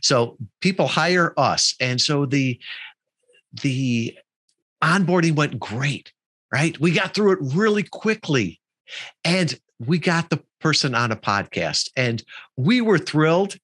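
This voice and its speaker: Man, middle-aged, high-ish voice, very lively pitch, storytelling guest. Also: slow pace, no echo. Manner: animated storyteller, quotes people in his story. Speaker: podcast guest. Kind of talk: storytelling in a casual interview.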